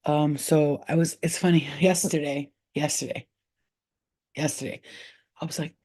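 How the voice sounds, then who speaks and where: A woman's voice: low voice, steady tone, unhurried, dark tone. A woman hosting a casual spiritual livestream, talking bluntly in streetwise slang with plenty of swearing and stopping now and then to scold her cat. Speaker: spiritual healer and livestream host.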